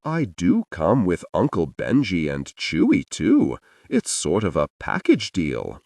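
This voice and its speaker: A gushing, tipsy young man, voiced by a male audiobook narrator, all giddy feels and near tears. His low voice swoops all over as he drags the words out. Dry, close studio sound. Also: huge pitch swings, slow pace, darkish tone, no echo, far from the mic, full character voice. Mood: earnest. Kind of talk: audiobook character voice.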